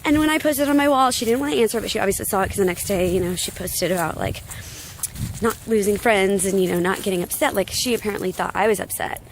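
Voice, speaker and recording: A woman's voice: mid-range voice, fast talker, slight background noise, poor audio. A young woman vlogging as she walks her dog outdoors, ranting with lots of fillers and asides. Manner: ranty, filler-heavy, talks to her dog. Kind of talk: casual ranting vlog. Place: outdoors on a hike.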